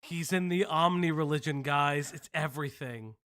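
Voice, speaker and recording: A man's voice: fairly high pitch, normal speed, a bit bright, no echo, clean studio sound. A man hosting a commentary stream, talking sarcastically and joking about the clips he plays. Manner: sarcastic, jokes and laughs at the clips. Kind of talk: mocking commentary.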